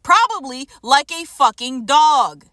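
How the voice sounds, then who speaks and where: Furious woman ranting, high bright voice. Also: big pitch swings, slow, no echo, clean studio sound. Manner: furious, profane and emphatic; repeats phrases for stress. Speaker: streamer and vlogger. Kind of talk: unscripted angry rant to camera.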